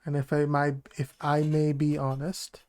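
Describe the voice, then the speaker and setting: A man's voice: fairly high pitch, monotone, a little mellow, smooth, natural voice. A man voicing a cryptic, blunt male teacher who speaks tersely and evades questions. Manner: terse, evasive, measured.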